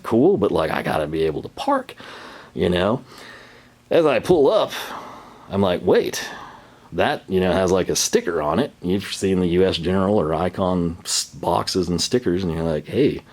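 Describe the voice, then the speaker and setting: A man's voice: low voice, a little mellow. A man hosting a casual vlog, rambling through a story, laughing often and acting out quoted voices. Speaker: channel host.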